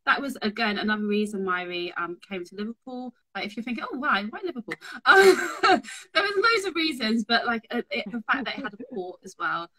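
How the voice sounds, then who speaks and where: A woman's voice: a little high, animated, fairly quick, sharp tone, low-quality recording. A young woman, chatting as a guest on a livestream, rambling with many restarts and frequent laughs. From London. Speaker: guest, fabric business owner. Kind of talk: casual chat on a livestream.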